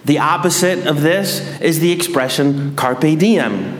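A man giving a sermon as a priest, measured and dryly humorous. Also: on the high side, expressive, slight background noise. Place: large church. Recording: echoey church hall.

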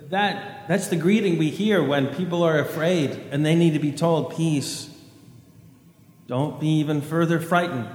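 A man's voice: on the high side, a little mellow. A man preaching a sermon as a priest, earnest and thinking aloud, often restarting his phrases. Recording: echoey church with long reverb.

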